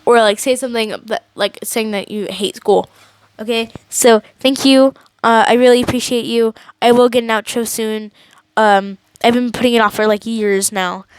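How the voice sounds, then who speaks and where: A woman's voice: fairly high pitch, steady tone, moderate pace, clear, resonant tone, dry recording. A teenage girl ranting casually to camera as a vlogger, rambling with many likes and restarts.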